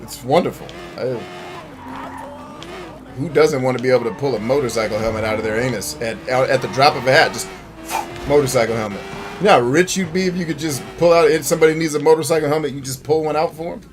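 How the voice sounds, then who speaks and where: A man's voice: medium pitch, fast, background noise. A man hosting a gameplay stream, joking, rambling and talking to his chat. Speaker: gaming streamer host. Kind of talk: casual gameplay commentary.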